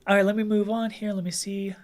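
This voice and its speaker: A woman's voice: mid-range voice, level tone, fast talker, a little mellow. A woman hosting a casual livestream Q&A, chatting and reading viewer comments aloud with frequent laughs and restarts. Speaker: livestream host answering chat questions.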